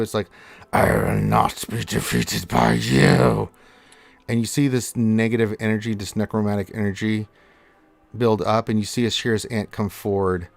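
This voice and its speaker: A man's voice: on the low side, no echo. A man narrating as dungeon master in a tabletop game, casual and laughing now and then. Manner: casual, laughs often, fillers while narrating.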